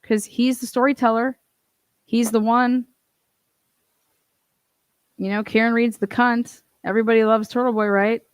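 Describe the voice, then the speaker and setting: A woman's voice: fairly high pitch, level tone, measured pace, pauses often, clear, resonant tone, no room sound. A woman hosting a livestream, giving casual, blunt, profane commentary in an incredulous tone.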